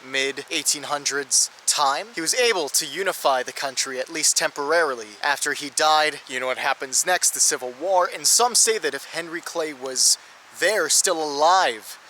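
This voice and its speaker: A man's voice: fairly high pitch, moderate pace, bright, forceful tone. A man narrating a travel vlog around a city, explaining with touches of dry humor. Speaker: travel vlogger. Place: outdoors in a city. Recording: noisy outdoor street recording.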